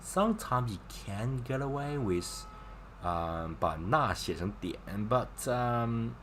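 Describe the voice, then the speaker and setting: Male tutor, unhurried, chatty and encouraging, walks through examples step by step. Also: medium pitch, expressive, a bit bright, a little hiss or hum. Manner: chatty, explains with gestures and repeated examples. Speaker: Chinese teacher. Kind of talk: casual online language lesson.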